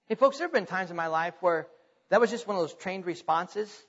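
A man's voice: sits high, expressive, a little fast, fairly bright tone, in a large hall, lo-fi sound. A man, a pastor, preaching a sermon to his congregation in a conversational way, growing emphatic as he retells scripture.

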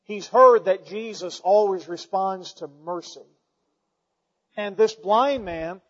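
A male preacher delivering a sermon, telling a scripture story in his own words and building to forceful emphasis. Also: high voice, takes it slowly, long reverb tail, lo-fi sound.

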